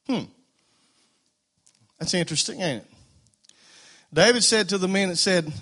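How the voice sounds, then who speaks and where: A male pastor preaching a fervent sermon, stumbling over repeated words and building to loud declarations. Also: high-pitched, a little slow, pauses often. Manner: fervent, repetitive stammering restarts, rising to loud declarations.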